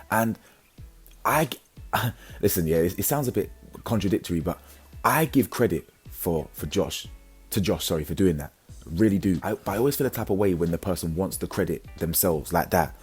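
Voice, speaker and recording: A young man giving slangy, animated commentary on a reality show, jumping into high excited bursts. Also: a little fast, slightly rough, faint music behind. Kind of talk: casual commentary.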